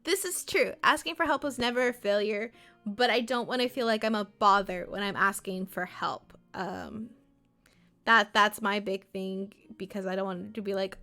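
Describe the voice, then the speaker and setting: A woman's voice: mid-range voice, moderate pace, pushed and bright, faint music behind. A woman streamer chatting casually while playing a game, rambling and acting out her own and others' lines.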